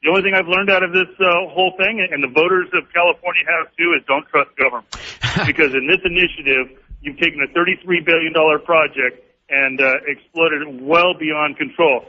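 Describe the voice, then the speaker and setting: Male politician guest, somewhat high voice, firm and on message; muffled radio sound. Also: fairly even intonation. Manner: firm, talking-point delivery with frequent "uh" pauses. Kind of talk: political radio interview answers. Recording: dull lo-fi radio broadcast audio.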